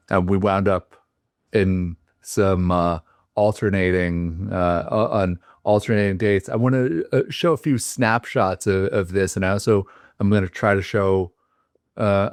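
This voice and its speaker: Male podcast host, very low voice, dry close sound, easygoing and rambling. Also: no room sound. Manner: loose, rambling storytelling. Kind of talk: casual interview.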